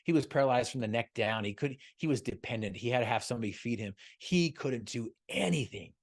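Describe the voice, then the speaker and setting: A man's voice: medium pitch, expressive, fairly quick. A man giving a motivational talk over a video call, telling a story and firing off repeated rhetorical questions. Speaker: motivational speaker guest.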